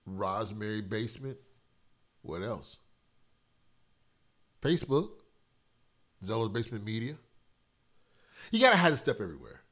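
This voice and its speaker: A middle-aged man hosting a casual solo podcast, loose and profane, slightly congested from a cold, swinging between loud and quiet. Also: fairly low pitch, very animated, measured pace, pauses often. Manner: loose, profane, rambling storyteller with big swings in loudness. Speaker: podcast host.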